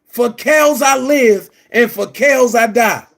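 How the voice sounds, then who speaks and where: A man delivering a heated, profane rant to his viewers, shouting at times. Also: very high-pitched, slow, gravelly. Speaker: commentary vlogger. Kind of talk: angry rant to camera.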